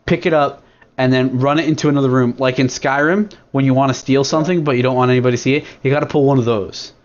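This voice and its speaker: A man's voice: mid-range voice, steady tone, fast talker. Rambling young man on a lo-fi podcast. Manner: rambling, crude, full of fillers and restarts. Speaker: podcast host. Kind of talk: casual rambling chat. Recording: dull lo-fi recording.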